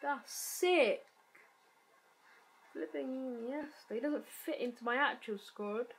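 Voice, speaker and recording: A woman's voice: high voice, slow, slight background noise, poor audio. A woman giving casual, self-deprecating commentary while playing a football video game, often muttering to herself. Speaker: gaming YouTuber.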